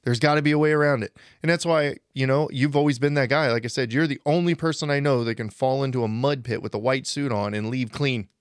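A man's voice: medium pitch, a little fast, few pauses, clear, resonant tone, no echo, clean studio sound. A man in his forties co-hosting a podcast, chatting casually and acting out the people he quotes. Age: 40s. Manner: animated storytelling, acts out quoted people. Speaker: podcast co-host.

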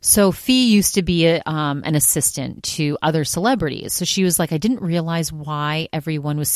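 A woman with a notably low voice hosts her own podcast solo, chatting casually as she recaps another show. She keeps quoting people, stringing thoughts together in an easy, conversational flow. The sound is dry and close, with no room echo. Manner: chatty retelling, constantly quoting others with "she's like". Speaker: podcast host.

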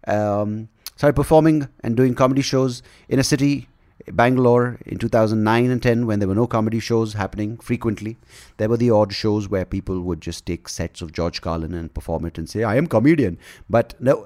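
A man hosting his own podcast chats loosely into the mic, wandering off on jokey tangents. His voice sits on the lower side, yet his pitch moves up and down with animated energy. He sounds unscripted, with many fillers and self-corrections. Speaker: podcast host. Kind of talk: casual podcast intro monologue.

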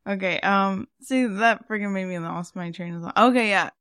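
A woman's voice: mid-range voice, normal speed, fairly bright tone, clean tone, dry recording, studio quality. A woman co-hosting a podcast in casual chat, rambling with lots of fillers. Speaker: podcast co-host.

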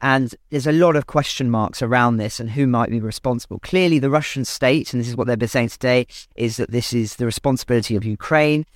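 A man's voice: medium pitch, fairly quick, hardly any pauses, dry recording, studio quality. A man co-presenting a news podcast, giving analysis with frequent fillers and self-corrections.

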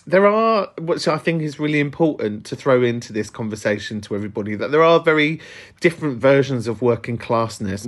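A man from England hosting a podcast, talking in a relaxed, chatty way and swearing casually. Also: medium pitch. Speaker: podcast host.

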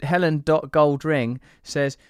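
A man's voice: on the high side, steady tone, takes it slowly, clear, resonant tone, dry recording, studio quality. A man hosting a podcast in casual chat, playful and teasing, rambling from thought to thought. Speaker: podcast host.

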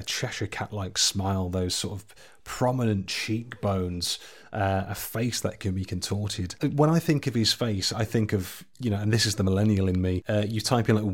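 A man's voice: lowish voice, normal speed. A man co-hosting a film podcast in casual chat, speaking thoughtfully with lots of filler words. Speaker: podcast co-host.

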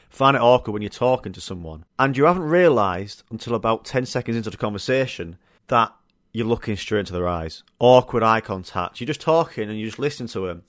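A man's voice: mid-range voice, a bit bright, dry recording. Young guy rambling on his own podcast, swears loads, dead dry sound. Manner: chatty, swears a lot, rambling anecdotes. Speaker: podcast host. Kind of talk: casual solo podcast chat.

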